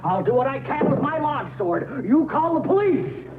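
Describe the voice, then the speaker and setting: An actor playing an excitable, fussy older male neighbor in a 1950s sitcom, blustery and quick to chuckle. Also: very high voice, over a noisy crowd. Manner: blustery, lively, chuckling often. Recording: tinny, hissy old TV soundtrack.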